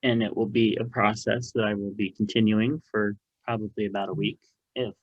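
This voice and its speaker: A man co-hosting a podcast, talking slowly and deliberately in casual chat. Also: fairly low pitch, steady tone, no echo, highs cut off. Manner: slow and deliberate, short reactions. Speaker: podcast co-host.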